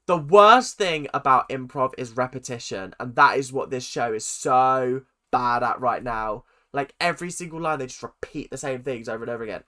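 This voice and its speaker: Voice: medium pitch, moderate pace, hardly any pauses, bright, forceful tone. A reaction video host, ranting sarcastically through casual commentary on a TV show.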